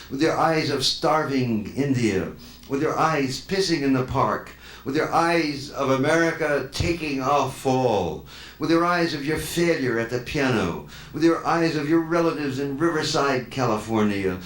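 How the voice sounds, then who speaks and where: Slow, roomy-sounding poet in his sixties. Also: mid-range voice, a bit bright. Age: 60s. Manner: slow incantatory recitation, then loose reflective talk. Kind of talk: poetry reading and interview answers. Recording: roomy echo, old videotape transfer.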